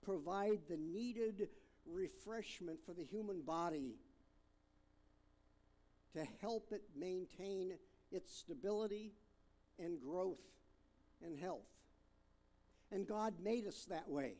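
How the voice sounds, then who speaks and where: A man preaching a sermon, reading scripture aloud and talking it through in a halting way with fillers and restarts. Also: sits high, warm tone. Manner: reads scripture aloud, stressing different words.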